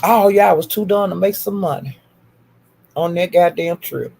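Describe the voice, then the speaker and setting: A woman's voice: lowish voice, moderate pace, creaky, mellow, breathy edge. A woman ranting in a YouTube commentary, scolding and swearing nonstop with repeated insults. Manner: profane, scolding, repetitive insults.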